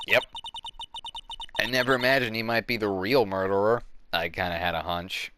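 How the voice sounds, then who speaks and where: A let's-play host giving casual gameplay commentary in a sarcastic, deadpan way, with game music underneath. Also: deep voice, moderate pace, no room sound.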